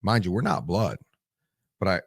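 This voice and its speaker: A veteran in his forties from Michigan tells stories as a guest in a casual interview, rambling, blunt, and heavy on the swearing. His low voice swings widely in pitch at a moderate pace, with vocal fry and a breathy edge. The studio-quality recording has no echo.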